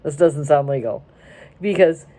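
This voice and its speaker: This young Florida vlogger sits in her car, casually telling the camera a wry, wandering story and cutting herself off as she goes. She speaks a little slowly, with a deep, warm voice.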